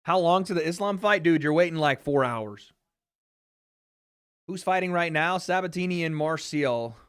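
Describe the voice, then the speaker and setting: A man from Tennessee hosting a fight watch party stream, answering viewer questions in slangy, casual talk and cheering loudly when the action heats up. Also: fairly high pitch, animated, moderate pace, smooth. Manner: laid-back and slangy, swearing, gets loud cheering the fight. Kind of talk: casual livestream chat, reading viewer questions.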